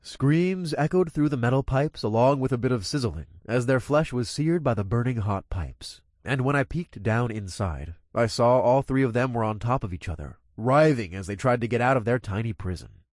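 A man's voice: mid-range voice, animated, moderate pace, few pauses, a little mellow, dry recording, studio quality. A man narrating a gritty first-person story with crude, coarse language.

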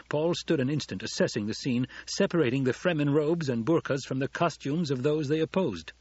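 A husky, medium-pitched man narrates an audiobook from a script, telling the story steadily. The recording is dull and lo-fi, with no room sound.

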